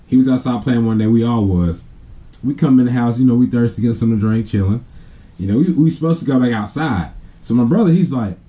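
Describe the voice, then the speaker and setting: A man's voice: on the low side, warm tone. A man telling a family story in a casual, rambling way. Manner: rambling, with many fillers and restarts. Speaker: family vlogger.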